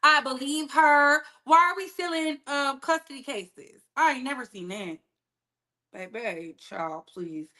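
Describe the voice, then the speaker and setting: Sassy high-voiced woman streaming. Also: normal speed, few pauses, pushed and bright. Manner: sassy, blunt, talks straight to viewers. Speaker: online commentary host. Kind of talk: live-stream gossip commentary.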